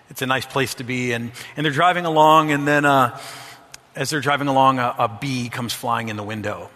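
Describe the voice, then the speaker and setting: A middle-aged male pastor preaching a sermon, swinging from loud, emphatic lines to hushed storytelling and stretching out the scripture lines slowly. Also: mid-range voice. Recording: long hall reverb with music behind.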